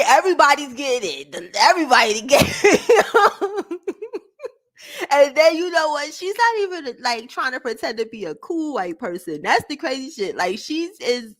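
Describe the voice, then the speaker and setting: A woman vlogger chatting casually to her viewers, ranting loudly with frequent laughter and swearing. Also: on the high side, lively intonation, measured pace. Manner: loud, laughing, profane rants. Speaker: vlogger reacting to a clip. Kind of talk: casual livestream chat.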